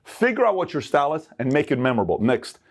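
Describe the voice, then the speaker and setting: A middle-aged man from Iran giving a motivational talk of life advice, emphatic and animated, acting out the people he quotes. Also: fairly high pitch, fast talker.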